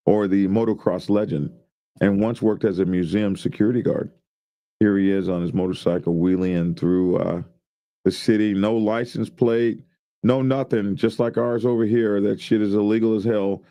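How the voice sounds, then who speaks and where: A man's voice: fairly low pitch, gravelly, dark tone. A man casually reading news stories aloud and joking about them with his co-hosts. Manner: reads headlines aloud then riffs jokingly. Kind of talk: casual news commentary chat.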